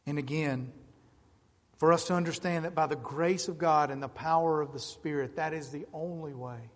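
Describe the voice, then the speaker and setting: A middle-aged male pastor preaching with passion, easing down into quiet, measured stretches and then swelling into loud, emphatic appeals. His voice sits a touch high for a man. It carries a long reverb through a large church sanctuary. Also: fairly even intonation. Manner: impassioned, building from quiet to loud emphatic calls. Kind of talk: sermon.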